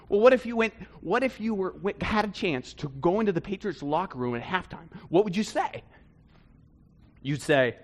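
A man preaching a conversational sermon, swinging between loud bursts and hushed asides. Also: high voice, animated, moderate pace. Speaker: pastor.

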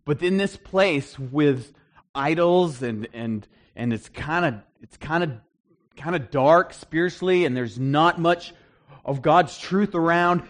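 With a fairly high pitch and slow pace, a middle-aged pastor preaches a sermon in a church hall. He addresses the congregation conversationally, as a teacher, becoming animated and emphatic at points.

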